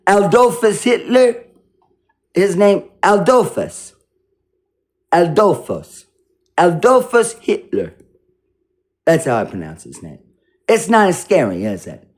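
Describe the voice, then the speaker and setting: A man's voice: high voice, sing-song, slow, long pauses, a little mellow. A man giving casual commentary over a video, rambling and repeating words as he mock-teaches pronunciation. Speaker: video reactor.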